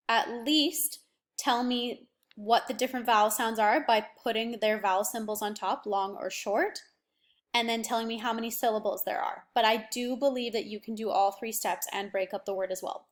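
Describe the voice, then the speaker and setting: A young woman teacher giving a remote phonics lesson to children, patient and encouraging, stretching words out slowly. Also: a little high. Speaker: primary school teacher.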